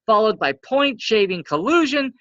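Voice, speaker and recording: A woman's voice: fairly high pitch, normal speed, dry recording. A woman co-hosting a casual podcast, running through league standings. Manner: rundown of standings with lively ups and downs. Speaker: co-host. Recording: dry, dull lo-fi audio.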